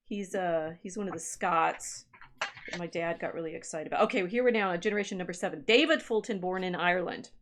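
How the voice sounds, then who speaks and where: A woman historian chatting on a livestream, reading family-tree records aloud with musing asides and restarts. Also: fairly low pitch. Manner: reads genealogy records aloud, musing and self-interrupting. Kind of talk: casual livestream chat.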